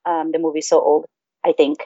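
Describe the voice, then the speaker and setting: A woman's voice: low-pitched, brisk, breathy edge, no room sound. Woman co-host, casual and rambly, swears freely; dull lo-fi sound, dry. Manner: profane, animated, rambling. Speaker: podcast co-host. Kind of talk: casual chat.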